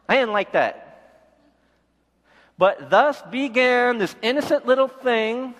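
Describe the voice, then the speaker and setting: Middle-aged male pastor, high voice, sermon with personal story, long echo of a church hall. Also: brisk, a bit bright. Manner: candid storytelling, acts out quoted voices.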